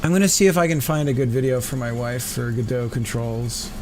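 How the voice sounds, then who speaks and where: A man casually chatting on a livestream, thinking aloud in a slow, mumbling way while he works on a game. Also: medium pitch, darkish tone, slight background noise. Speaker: streamer.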